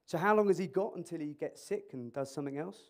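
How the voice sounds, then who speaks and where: A man whose voice is on the high side talks fast into a microphone in a conference hall, presenting as an emergency clinician. He keeps his interactive talk animated and jokey, quizzing the audience along the way.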